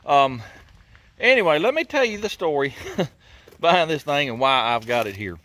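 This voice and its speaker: Folksy garage host, fairly high and lively voice, chuckles as he tinkers. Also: moderate pace. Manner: folksy, chuckling, grumbles about engineers. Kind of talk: casual workshop narration.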